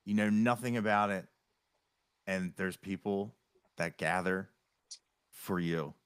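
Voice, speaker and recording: Animated male podcast host, dry sound. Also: low voice, slow, clear, resonant tone, no room sound. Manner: animated storyteller, bursts of laughter. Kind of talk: casual podcast chat.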